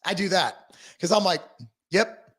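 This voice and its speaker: High-voiced, profane man ranting. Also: a little fast. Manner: profane, animated storytelling. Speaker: podcast co-host. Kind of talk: casual political rant.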